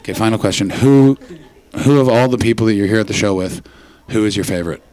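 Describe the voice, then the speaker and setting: A man's voice: fairly low pitch, quick pace, a little mellow, no room sound. A man from Canada doing profane, teasing crowd work as a stand-up comedian on a club stage. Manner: crude, teasing, profane banter.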